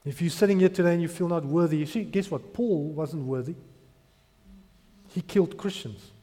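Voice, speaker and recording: A man's voice: a little high, normal speed, dark tone. A man in his thirties preaching a sermon, telling his testimony with emotional, rising emphasis. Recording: long hall reverb.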